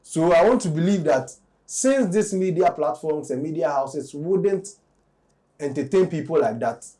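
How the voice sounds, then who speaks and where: A male commentator, speaking a touch high. He weighs his words deliberately and lays out both sides of the story in talk-show fashion. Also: animated, mellow. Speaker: entertainment commentator.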